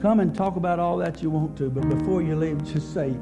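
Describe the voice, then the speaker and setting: A middle-aged male pastor preaching a sermon at a church service, telling a story in a halting way, often repeating words. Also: on the high side, loud music behind the voice.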